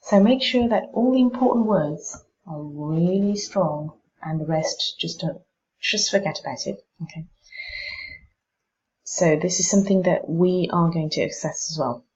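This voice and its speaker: A woman teacher giving exam tips on pronunciation, demonstrating word stress slowly and with care. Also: on the low side, a little mellow, muffled recording.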